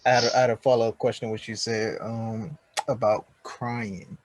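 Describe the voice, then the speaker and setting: Husky low-voiced man asking questions. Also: level tone, moderate pace, no room sound, low-quality recording. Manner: thoughtful, asks questions, hesitant restarts. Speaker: podcast co-host. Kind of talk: casual conversation.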